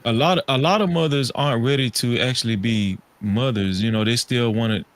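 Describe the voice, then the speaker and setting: A man co-hosting a podcast, talking in a relaxed, thoughtful way with frequent restarts and "you know". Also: mid-range voice, brisk. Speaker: podcast co-host. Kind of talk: casual chat. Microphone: studio microphone, podcast setup.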